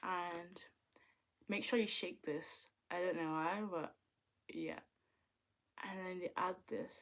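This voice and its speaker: A young woman giving a makeup tutorial at home, chatty, murmuring quietly as she applies products and breaking into loud, excited exclamations. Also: lowish voice, takes it slowly, vocal fry. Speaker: makeup vlogger.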